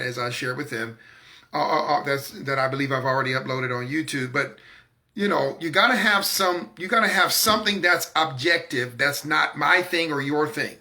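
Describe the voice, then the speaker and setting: An emphatic man delivers a preaching-style talk on his own broadcast. His voice sits high and sounds very bright, with a gravelly catch in it. He talks with firm confidence and circles back on key words for stress. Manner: repeats words when stressing a point. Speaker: broadcast host.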